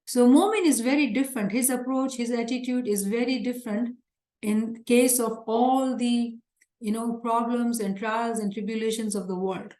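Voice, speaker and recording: A woman's voice: on the high side, steady tone, moderate pace, a little mellow, reverberant. A woman teaching a religious lecture in an earnest, emphatic way, often repeating her points. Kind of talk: religious lecture explaining scripture.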